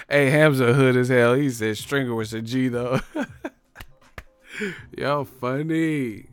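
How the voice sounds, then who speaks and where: A man's voice: medium pitch, takes it slowly, clean tone, no room sound. A man hosting a live stream, riffing on chat with profane, laughing commentary.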